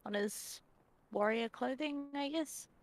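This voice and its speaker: A woman's voice: high-pitched, slow pace, dry recording. A woman playing a tabletop game, asking tentative questions about the scene. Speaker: player. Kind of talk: casual tabletop game chat.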